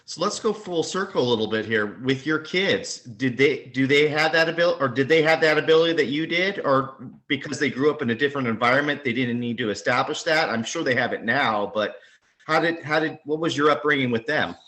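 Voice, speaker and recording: A male podcast co-host with a bright, forceful tone asks his questions, rephrasing them as he searches for words. His pitch sits in the middle range. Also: brisk. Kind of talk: conversational interview.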